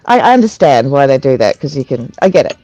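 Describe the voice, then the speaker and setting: An adult with a mellow, medium-pitched, sing-song voice opens up at a recovery meeting, stumbling through many restarts and fillers and laughing along the way. The online video call recording is low quality, with no echo.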